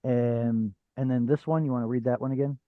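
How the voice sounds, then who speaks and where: A patient man leads a live online class, explaining slowly and stopping often on fillers. His voice comes through a narrow, phone-like video call line. The sound is dry, with no room around it. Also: mid-range voice, fairly even intonation, no room sound. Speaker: Hebrew teacher.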